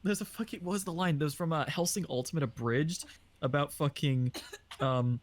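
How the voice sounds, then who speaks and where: A man's voice: on the high side, a little fast, a little hiss or hum. A man hosting a casual podcast chat, joking and rambling. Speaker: podcast host.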